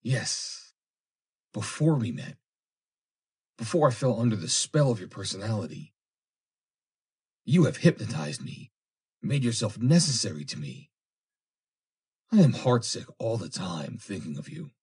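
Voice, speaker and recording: A man's voice: on the low side, big pitch swings, a little slow, long pauses, a little mellow, slightly rough, pitched above the performer's own voice, full character voice. A man voicing a jealous, possessive suitor who pleads and turns bitter. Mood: pleading.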